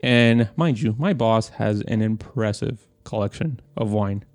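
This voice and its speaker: A young man with a gravelly, fry-heavy voice tells a story on a casual podcast. He talks with a lot of energy, swears freely and acts out the people he quotes. The sound is dry and close. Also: fairly low pitch, unhurried, no room sound. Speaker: podcast co-host.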